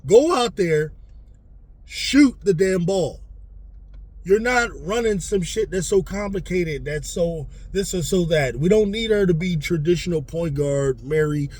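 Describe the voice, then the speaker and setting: Husky-voiced man ranting about basketball. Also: a little high. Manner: animated, profane, rambling with fillers. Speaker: sports commentator host. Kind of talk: casual sports rant.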